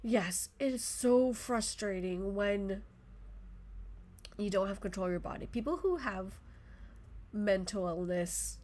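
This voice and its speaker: A woman's voice: medium pitch, slow, long pauses, a little mellow. Passionate, rambling woman podcaster. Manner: effusive, passionate, rambling with self-interruptions. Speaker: podcast host. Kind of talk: motivational solo podcast talk.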